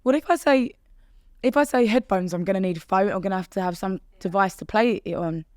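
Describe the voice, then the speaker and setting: A woman, chatting on a podcast in a bright, animated way. She laughs often and acts out her own past words in quoted voices. Her voice is dry and close to the mic, with no room sound. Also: mid-range voice, fairly quick, dry recording. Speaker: podcast guest, fitness instructor. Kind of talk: casual interview chat.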